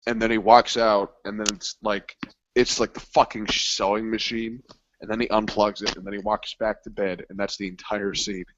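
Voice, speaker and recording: A man in casual movie chat, crude and joking, acting out scenes in quick voices. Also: on the low side, flat delivery, a bit bright, a little hiss or hum. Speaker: co-host. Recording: dull lo-fi recording.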